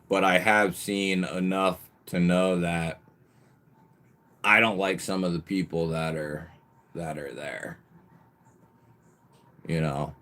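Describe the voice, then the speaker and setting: Male livestream host, low voice, slow easygoing delivery, calls out chatters by nickname, bursts of emphasis. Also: fairly bright tone. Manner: occasional mild swearing. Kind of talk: casual live chat with viewers.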